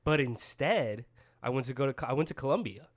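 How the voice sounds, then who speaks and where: A young American man hosting a podcast, telling stories in a loud, swearing, animated way. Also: mid-range voice, fairly quick. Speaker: podcast host. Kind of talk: casual chat.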